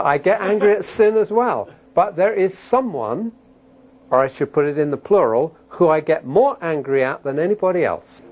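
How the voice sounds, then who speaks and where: A middle-aged man preaching a sermon, talking emphatically and building to loud, animated outbursts. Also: high voice. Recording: dull lo-fi sermon recording.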